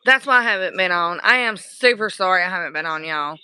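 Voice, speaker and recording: A streamer, hoarse and worn out, chatting casually and rambling apologetically on a livestream. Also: medium pitch, animated, sharp tone, no echo, low-quality recording. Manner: slow, rambling, apologetic talk.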